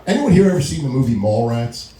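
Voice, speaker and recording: Man, middle-aged, stand-up comic, lively up-and-down delivery, mellow tone, echoey club. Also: mid-range voice. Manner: storytelling with frequent laughs and acted-out quotes. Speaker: stand-up comedian. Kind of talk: stand-up comedy set. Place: small comedy venue. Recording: echoey room recording.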